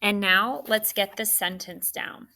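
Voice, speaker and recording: Patient woman teacher, slow and bright, sounding out phonics for young kids. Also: mid-range voice, steady tone. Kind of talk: phonics lesson for young children. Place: classroom.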